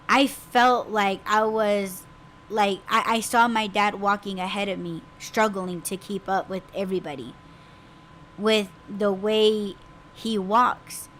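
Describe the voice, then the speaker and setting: A woman podcast host telling a personal story in a halting way, often repeating herself and searching for words. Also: on the high side, fairly bright tone, a little hiss or hum.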